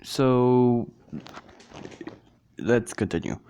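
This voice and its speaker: A man's voice: mid-range voice, drawn-out words, mellow, clean tone. A man casually narrating a fan story, rambling and correcting himself as he goes.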